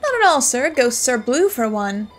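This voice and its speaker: A woman's voice: a little high, very animated, moderate pace. A woman voicing a polite male ghost train conductor who speaks formally and keeps adding "sir". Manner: formal, ends lines with "sir".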